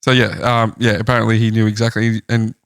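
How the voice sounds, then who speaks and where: A man hosting a casual podcast, retelling researched facts about a life story in a relaxed way. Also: lowish voice, fairly quick, clear, resonant tone, dry recording. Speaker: podcast host. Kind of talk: casual chat.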